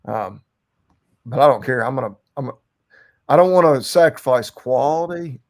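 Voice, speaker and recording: A man talks shop about cattle in casual podcast chat. His voice carries a gravelly fry. He rambles easily, piling on fillers and false starts as he thinks aloud. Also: medium pitch, moderate pace. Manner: relaxed, rambling with frequent fillers and restarts. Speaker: podcast co-host and cattle rancher.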